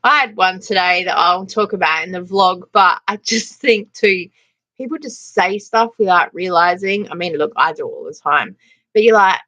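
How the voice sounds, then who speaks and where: A woman's voice: lowish voice, moderate pace, sharp tone. A middle-aged Australian woman hosting a casual livestream, chatting and laughing as she greets viewers by name. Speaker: livestream host. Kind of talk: casual livestream chat reading comments.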